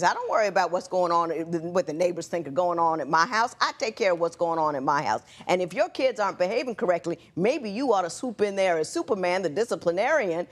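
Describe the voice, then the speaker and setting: A middle-aged woman presiding as judge on a courtroom TV show, stern and lecturing. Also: fairly low pitch.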